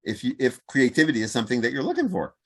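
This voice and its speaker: Animated male podcast guest. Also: medium pitch, racing. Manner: animated, acts out quoted voices, laughs easily. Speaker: podcast guest, communication coach and author. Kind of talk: conversational interview.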